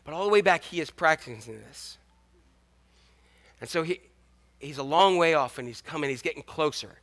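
A man's voice: fairly high pitch, lively intonation, normal speed, fairly bright tone. A man in his fifties preaching a sermon in a casual, jokey way, restarting often. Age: 50s. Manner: conversational, jokey, many restarts. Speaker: pastor.

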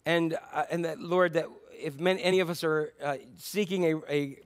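A man's voice: a little high, steady tone, normal speed. A man preaching a sermon as pastor, telling a story in a conversational way with fillers and restarts.

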